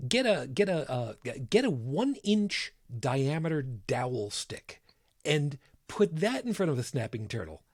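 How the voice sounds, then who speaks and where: A man's voice: mid-range voice, big pitch swings, a little slow, no echo, clean studio sound. A man co-hosting a casual podcast chat, blunt and emphatic, swearing as he explains. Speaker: podcast co-host.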